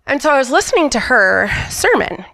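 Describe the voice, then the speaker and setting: Brief: middle-aged woman, heavy vocal fry, frank and emphatic church testimony. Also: high voice, sing-song, brisk, a bit bright. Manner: candid, emphatic storyteller who quotes herself. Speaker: church member giving a testimony. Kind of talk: personal testimony at a church service. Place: church stage.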